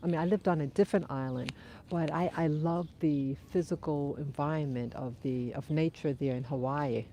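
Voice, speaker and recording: A woman with a lowish, mellow voice talks thoughtfully into her phone while out walking her dogs. She has a runny nose and answers viewers' comments in an easygoing live-stream chat. Faint outdoor ambience sits behind her. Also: steady tone, moderate pace, slight background noise. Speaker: livestream host. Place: outdoors on a dog walk.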